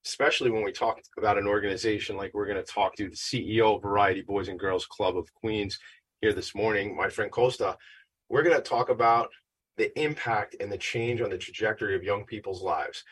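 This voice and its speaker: A man hosts a casual show from his attic studio, talking in a husky, lowish voice. He's chatty and self-deprecating, and a little out of breath from the stairs. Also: steady tone, brisk, fairly bright tone. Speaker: podcast host. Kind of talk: casual upbeat show intro.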